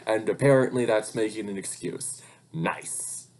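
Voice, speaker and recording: Young male vlogger, low register, rambling and profane, casual delivery. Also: a little slow, darkish tone. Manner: rambling and profane, gets heated when venting. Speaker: vlogger and hobby voice actor. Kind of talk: casual life-update rant.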